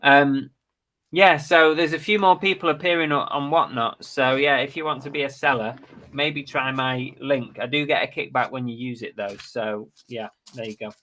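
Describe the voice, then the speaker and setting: A man's voice: mid-range voice, fairly even intonation, moderate pace, bright, forceful tone, slight background noise. A middle-aged man, hosting a casual live stream chat about reselling and plugging giveaways. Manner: chatty, plugs links and giveaways. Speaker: live show host.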